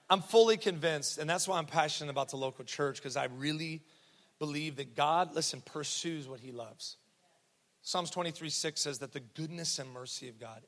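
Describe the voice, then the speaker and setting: Male pastor, sermon delivery, punchy repetition and humor; voice a touch high, long church reverb. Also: gravelly. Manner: emphatic, repetitive, jokey. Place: church sanctuary.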